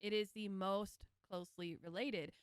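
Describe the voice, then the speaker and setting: Southern-raised woman, faint accent, smooth voice, dry close mic, talkative. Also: mid-range voice, fairly even intonation, moderate pace, dry recording. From American South. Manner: talkative, explains with asides and little laughs. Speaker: podcast guest, vet tech. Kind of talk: casual podcast chat.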